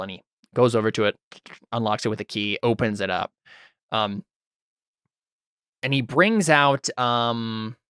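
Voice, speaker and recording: A man's voice: on the low side, sharp tone, clear, resonant tone, no echo. Guy game-mastering a tabletop game, rambly, lots of ums, dry close sound. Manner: loose, rambling narration full of fillers.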